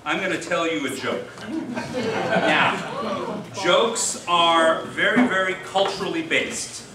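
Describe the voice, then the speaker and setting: Rabbi giving a dinner speech, higher voice, heard from far off in an echoey hall, folksy storyteller. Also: male voice, slow, over a noisy crowd. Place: large hall. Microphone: distant mic.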